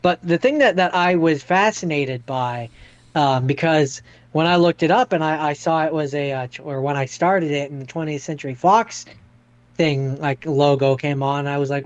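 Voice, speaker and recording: A man in his thirties co-hosting a movie podcast, speaking in a halting way with many fillers. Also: on the high side, dry recording, muffled recording. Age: 30s. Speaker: podcast co-host. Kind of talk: casual movie review chat.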